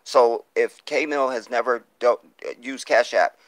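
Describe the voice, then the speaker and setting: A man's voice: medium pitch, fairly even intonation, a little slow, dry recording. A man hosting a live stream, reading viewer comments and pleading for donations in an impassioned, profane way, on a phone mic. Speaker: livestream host.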